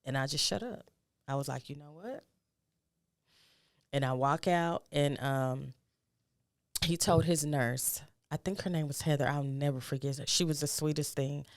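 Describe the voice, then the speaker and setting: A woman's voice: steady tone, normal speed, no room sound, studio quality. Grieving mother telling her story. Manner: emotional, acts out quoted dialogue with rising pitch. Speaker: guest. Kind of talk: personal storytelling in conversation.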